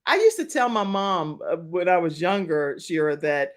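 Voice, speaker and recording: A woman's voice: fairly low pitch, very animated, moderate pace. A woman in her forties hosting a live talk show, chatting and laughing as she reads out viewer comments.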